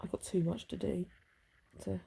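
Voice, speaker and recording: A woman's voice: fairly low pitch, steady tone, moderate pace, gravelly, mellow, breathy edge. A woman rambling casually to herself in a vlog, muttering and trailing off. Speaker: vlogger.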